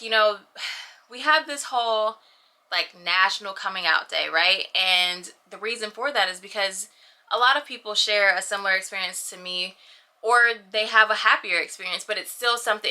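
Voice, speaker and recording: A woman's voice: medium pitch, bright, forceful tone. A young woman talking casually and animatedly to her camera in a personal vlog, often adding "you know what I mean.". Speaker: vlogger.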